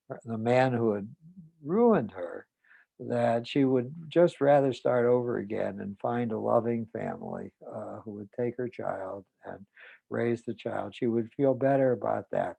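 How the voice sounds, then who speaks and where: Older male psychologist-host, mid-pitched gravelly voice, halting storyteller. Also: no room sound. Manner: halting, with many fillers and restarts; quotes people in a softened, lowered voice. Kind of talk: reflective storytelling monologue.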